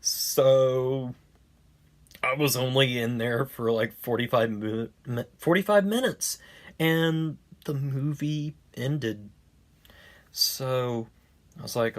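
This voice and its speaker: Slow, wry male movie reviewer. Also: mid-range voice. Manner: rambling, wry, sarcastic, many fillers and restarts. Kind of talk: casual spoken review.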